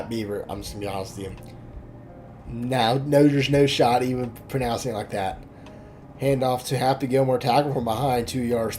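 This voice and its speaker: A mellow, medium-pitched male voice calls a video game football league in a joking play-by-play style. The young Oklahoman laughs often and fumbles the names.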